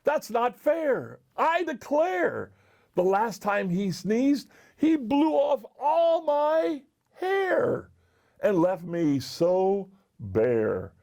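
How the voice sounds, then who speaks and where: A man's voice: on the high side, sing-song, takes it slowly, dark tone, pitched below the performer's own voice, heavily acted. A man voicing a complaining male bear in a storybook reading. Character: bald grumbling male bear.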